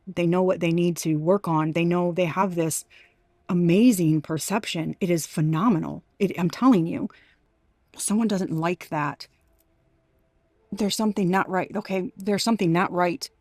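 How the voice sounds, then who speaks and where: A woman's voice: lowish voice, a little mellow, dry recording. A woman giving an intuitive tarot reading to her viewers, talking emphatically with many restarts and exclamations. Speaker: tarot reader.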